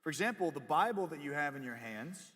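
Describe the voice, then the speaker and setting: A young man giving a casual, joking sermon to middle schoolers as youth pastor, telling stories with lively asides. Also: a little high, brisk. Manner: casual, joking, animated storytelling. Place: church hall. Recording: long hall reverb.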